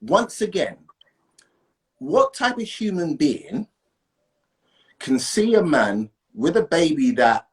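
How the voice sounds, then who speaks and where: A man, a guest in a casual conversation, talking emphatically and checking in with "right?". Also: fairly high pitch. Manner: animated, emphatic, asks "right?" often.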